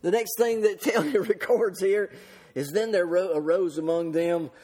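A man's voice: sits high, normal speed, a little mellow. A man preaching a sermon in a folksy, conversational way, many fillers and restarts. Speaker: pastor.

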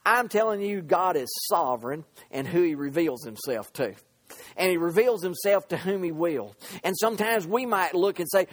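A man preaching a sermon, retelling scripture in a halting way with many repeats and fillers, swinging from hushed lines to shouted ones. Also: high voice, lively intonation, breathy edge.

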